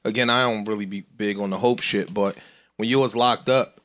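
A man's voice: on the low side, steady tone, fairly quick, fairly bright tone. A man co-hosting a podcast in casual chat, blunt and slangy, acting out imagined quotes.

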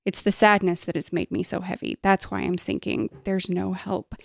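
A small, loyal horse, read aloud by a woman from a book speaks softly and heavily, with all hope gone. The voice has a slight gravelly fry, and the room is dry and close. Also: mid-range voice, level tone, normal speed, dry recording. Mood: despairing. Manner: soft, heavy, despairing reading.

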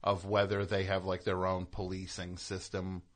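Rambling, low-voiced male radio host. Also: monotone, normal speed. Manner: rambling, jokey, breaks into laughter and silly voices. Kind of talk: casual comedic radio chat. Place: radio studio.

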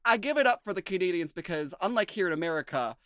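A man's voice: sits high, expressive, fast talker, fairly bright tone, clear, resonant tone, no room sound, clean studio sound. Rambling, chatty man co-hosting a podcast. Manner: rambling, full of fillers like "like" and "um". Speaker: podcast co-host. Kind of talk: casual recap chat.

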